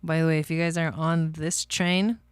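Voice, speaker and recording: Smooth-voiced woman tarot reader, chatty. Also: deep voice, flat delivery, normal speed, dry recording. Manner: chatty, laughs often, talks to viewers by name. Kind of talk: casual livestream reading.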